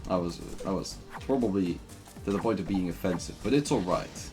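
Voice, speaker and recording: A man's voice: low voice, animated, brisk, music in the background. A man streaming a game, joking and rambling with lots of fillers in casual commentary.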